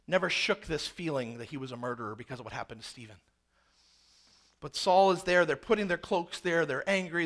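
A man with a high-pitched voice delivers a sermon. He preaches dramatically, sinking to hushed, slow lines and then rising to loud, intense ones.

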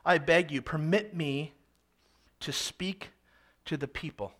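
A man preaching an expository sermon, reading scripture aloud and then explaining it with animated, dramatic emphasis. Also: a little high, slow. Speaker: pastor.

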